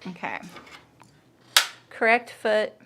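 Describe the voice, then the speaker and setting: A woman's voice: medium pitch, sing-song, takes it slowly, noisy background. Chatty woman sewing and thinking aloud. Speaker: sewing livestream host. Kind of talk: casual chat while sewing.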